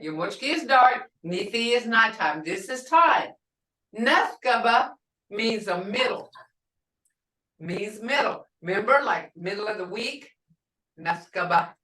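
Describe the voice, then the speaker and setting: An older woman teaching a language class, speaking slowly and patiently and repeating words for her learners. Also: medium pitch, a bit bright. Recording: roomy and distant from the mic.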